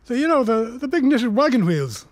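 A man's voice: very high-pitched, big pitch swings, moderate pace, no echo. A merry Scottish bishop who chuckles through his gossip, his voice bouncing up and down. The sound is close and dry, with no room around it. He rambles and hunts for words as he talks. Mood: gossipy. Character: jolly gossiping male bishop, fond of a laugh.

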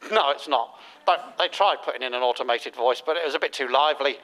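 A man's voice: medium pitch, fast, pushed and bright, close to an everyday voice, rough recording. An actor playing a male party leader who speaks in the sing-song delivery of a recorded phone message in a satirical radio sketch. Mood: chirpy. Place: studio before a live audience.

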